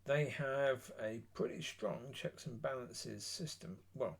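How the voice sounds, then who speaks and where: A man giving a blunt, opinionated solo monologue, rambling with pauses. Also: mid-range voice, gravelly, breathy edge. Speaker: political commentator.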